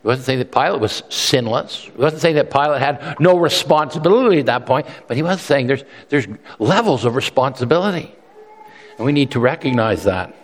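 A man's voice: medium pitch, lively intonation, brisk. A male pastor preaching a sermon in an earnest, emphatic way, often repeating words as he restarts. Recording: long reverb from a large hall.

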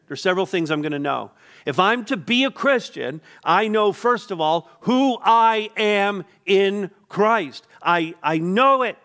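High-voiced male pastor preaching emphatically. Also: fairly bright tone. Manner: emphatic preaching with repeated words and pauses. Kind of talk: sermon.

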